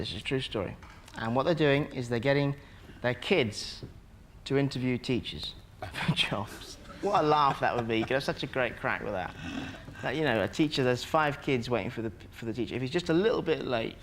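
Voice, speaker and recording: A man's voice: mid-range voice, expressive, a little fast, slight background noise. A man telling comic stories as a chat show guest, acting out little scenes. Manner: jokey, acts out little scenes. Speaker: comedian guest. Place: TV studio with audience. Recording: loud audience laughter in a studio. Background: studio audience laughing.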